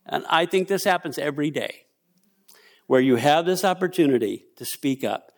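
Animated older man preaching a sermon. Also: fairly high pitch, normal speed. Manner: animated storytelling preacher, acts out quotes.

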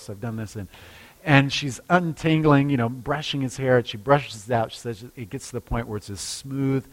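Man, pastor, sermon, lively storyteller, acts out quotes, frequent restarts. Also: medium pitch.

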